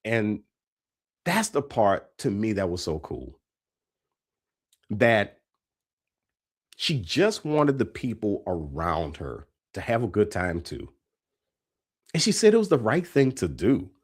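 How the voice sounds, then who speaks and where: A man giving a leadership keynote as a story, animated and repeating words for emphasis. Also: lowish voice, slow, pauses often, slightly rough. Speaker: keynote speaker.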